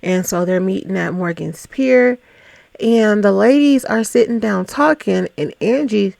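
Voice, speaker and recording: A woman's voice: mid-range voice, measured pace, gravelly, a little mellow, dry recording. A woman hosting a casual reality TV recap, chatty and gossipy with teasing asides.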